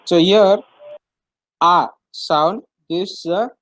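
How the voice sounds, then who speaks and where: A man leads an online French class with unhurried patience, circling back over each point and filling pauses with hesitations. His voice sits slightly high for a man. The sound is dry and close, as on a video call. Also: a bit bright, dry recording, poor audio. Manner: patient, repetitive explaining with many fillers. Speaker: French teacher.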